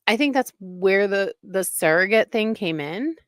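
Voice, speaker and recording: A woman's voice: medium pitch, expressive, unhurried, a bit bright, dry recording. A woman hosting a casual commentary show, talking in an indignant, emphatic way. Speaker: commentary host.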